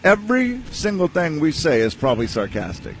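A man's voice: on the high side, wildly swooping pitch, brisk, a little hiss or hum. A man co-hosting a radio show, chatting with dry humor in casual banter.

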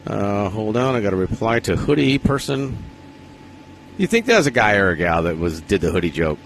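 A man's voice: fairly low pitch, sing-song, slight background noise. A man co-hosting a radio charity drive, bantering casually, laughing and reading out the text number. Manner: laughing, joking, quick reads of the number. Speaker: radio host.

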